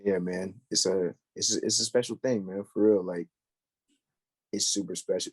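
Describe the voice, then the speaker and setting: A man's voice: low-pitched, normal speed, breathy edge, dry recording. A young man chatting casually on a podcast, slangy and full of fillers as he tells stories. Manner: slangy, filler-heavy, animated storytelling.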